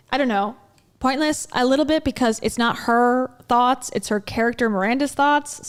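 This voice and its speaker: A woman's voice: a little high, clear, resonant tone. A woman hosting a casual commentary livestream, talking in a chatty, rambling way with lots of fillers and little laughs. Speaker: commentary host.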